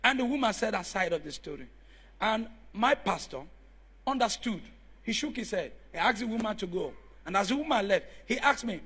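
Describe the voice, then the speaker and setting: A man preaching a sermon in church, telling stories and rising to shouts as he calls on the congregation. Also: sits high, animated, normal speed, breathy edge. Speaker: pastor.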